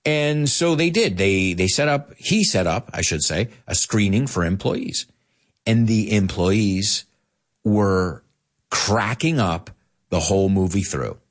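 A man in his forties, a podcast host teaching English, talking in an animated way and acting out quotes. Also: slow pace. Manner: animated, acts out quotes with big pitch jumps. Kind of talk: bilingual English lesson.

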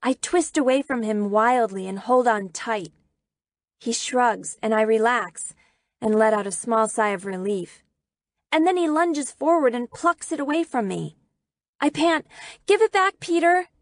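A woman reads a first-person novel aloud at an unhurried pace, her voice catching a gravelly fry now and then. She tells it expressively, and the recording is close and dry, with no room sound. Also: a little high, dry recording. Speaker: audiobook narrator. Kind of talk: first-person audiobook narration.

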